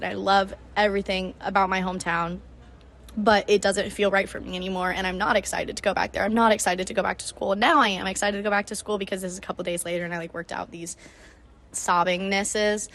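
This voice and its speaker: A young woman hosts her own podcast and tells her story in a quick, chatty rush, full of "like" and open feeling. Her pitch sits in the middle for a woman. A faint hiss of background noise runs under the recording. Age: young adult. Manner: chatty, emotional, heavy use of "like". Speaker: podcast host. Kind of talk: casual solo storytelling.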